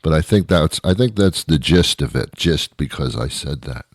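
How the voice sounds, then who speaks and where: A middle-aged man delivering a rambling comic monologue, full of restarts and deadpan asides. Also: a bass voice, moderate pace, no room sound, studio quality. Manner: meandering, self-interrupting, deadpan asides. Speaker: comedian host.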